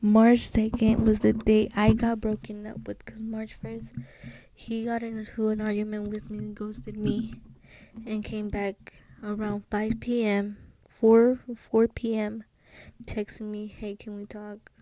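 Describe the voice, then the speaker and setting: A young adult woman hosts a solo podcast, casually telling a personal story sprinkled with slang and Spanish phrases, often dropping to a soft whisper. Her mid-range voice is monotone and unhurried, with a little hiss or hum in the recording.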